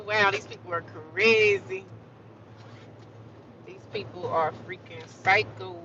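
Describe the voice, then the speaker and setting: A woman livestreaming outdoors in the city, chatting casually and sassily with her viewers and laughing often. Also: medium pitch. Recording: dull lo-fi phone audio with loud street noise.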